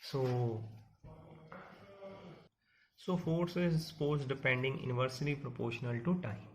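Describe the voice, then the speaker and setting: A man's voice: medium pitch, measured pace. A man teaching a physics class step by step, repeating points and asking the students questions. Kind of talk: classroom lecture. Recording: dull lo-fi audio with faint hiss.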